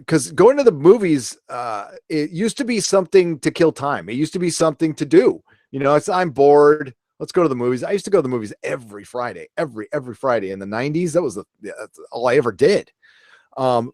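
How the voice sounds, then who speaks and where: A man's voice: mid-range voice, no room sound, studio quality. A middle-aged man hosting a live stream, chatting casually, answering viewer questions in a rambling, opinionated way with frequent restarts. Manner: rambling, self-correcting, opinionated. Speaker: live stream host reading chat questions.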